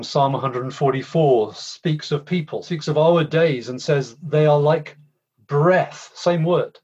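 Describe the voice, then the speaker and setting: A man's voice: mid-range voice, a little mellow, husky. A man preaching a sermon in a conversational way, with frequent restarts. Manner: conversational, halting with repeated restarts. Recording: slightly dull lo-fi sound.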